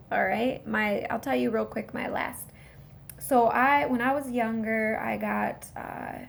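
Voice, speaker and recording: A woman's voice: mid-range voice, vocal fry, a little hiss or hum. A woman vlogger telling a rambling personal story straight to her viewers in a casual way.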